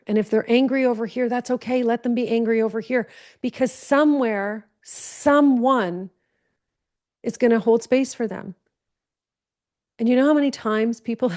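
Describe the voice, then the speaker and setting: An earnest woman speaks as a spiritual teacher, leaning on repeated phrases to drive her points home. Her voice sits a little high, with a mellow, warm tone. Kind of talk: spoken teaching talk.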